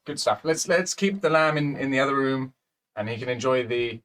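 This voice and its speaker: A man's voice: mid-range voice, animated, brisk, fairly bright tone. A man playing a character in an improvised tabletop game, upbeat and chatty as he describes his actions. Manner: upbeat, chatty, lots of "good stuff" and "excellent". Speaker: player.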